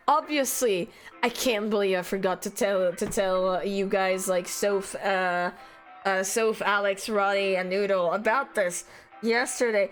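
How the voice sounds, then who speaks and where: A young woman from France, speaking with a French accent, chats casually with her live-stream audience as an artist, greeting viewers by name, animated and swearing freely. Her voice sits at a medium pitch and she keeps a measured pace, with soft music playing in the background.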